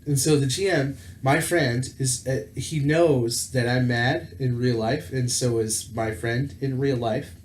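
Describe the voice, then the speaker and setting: A man's voice: mid-range voice, steady tone, measured pace, hardly any pauses. Man rambling through a story in an echoey room. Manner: rambling, with many fillers and self-corrections. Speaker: tabletop gaming channel host. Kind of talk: casual storytelling monologue. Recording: roomy echo with faint background noise.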